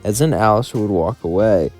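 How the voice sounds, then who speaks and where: A man's voice: on the low side, animated, brisk, a little mellow. Man narrating fan fiction over faint music. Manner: run-on narration strung together with "as" and "would". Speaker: storyteller.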